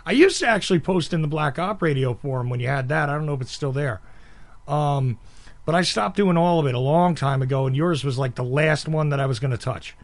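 A man's voice: on the high side, fairly quick. A man from the northeastern US talking casually as a host, blunt and self-described abrasive, with frequent laughs. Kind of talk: casual conversation.

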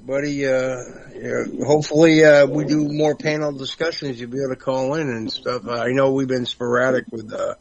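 A man's voice: mid-range voice, steady tone, moderate pace, gravelly, few pauses, lo-fi sound, a crowd in the background. A man joining a panel talk show over a video call, rambling and full of fillers. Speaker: guest panelist.

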